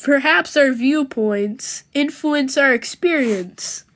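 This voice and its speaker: An earnest, brainy young comic-book hero, put on by a woman reading aloud, talking in quick, thoughtful bursts. The voice sits high and eager. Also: a bit bright. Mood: musing.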